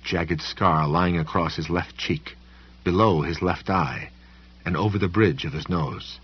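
A man reads an audiobook in a very deep, husky voice. His delivery is lively and full of dramatic ups and downs. The recording sounds a little dull and muffled. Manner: expressive, dramatic reading. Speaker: narrator. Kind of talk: audiobook narration.

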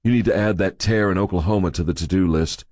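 A man narrating an audiobook, voicing a weary, hard-bitten male magic agent in a terse, dry, low-key way. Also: quick pace, a little mellow, no room sound, close to an everyday voice. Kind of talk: audiobook dialogue.

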